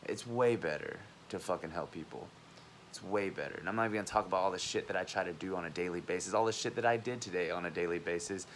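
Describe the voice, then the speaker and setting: Fired-up young man, lower voice. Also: quick pace, a bit bright, slight background noise. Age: 20s. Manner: heated, profanity-laden, rambling. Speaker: college student vlogger. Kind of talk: unscripted monologue to camera.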